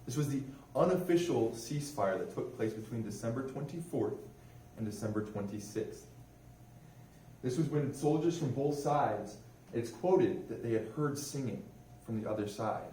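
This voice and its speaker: A chatty airman tells a history story to a room full of listeners, asking them questions as he goes. His voice sits at an ordinary pitch. He sounds a little distant in a roomy hall, with faint noise underneath. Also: lively intonation, moderate pace, dark tone. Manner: chatty, asks the audience questions. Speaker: religious affairs airman giving a talk. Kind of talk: informal history talk to a museum audience. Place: museum room.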